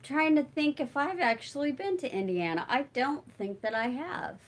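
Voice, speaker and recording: A woman's voice: high voice, sing-song, normal speed. A middle-aged woman hosting a casual livestream, chatting with viewers and answering comments while she crafts, rambling and thinking aloud with lots of fillers. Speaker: livestream host.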